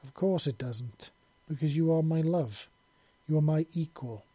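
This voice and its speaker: A man's voice: fairly high pitch, measured pace, husky, no room sound, voice pushed up. Man voicing a horned, emotional young woman. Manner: emotional, softly pleading. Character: horned passionate young female lover.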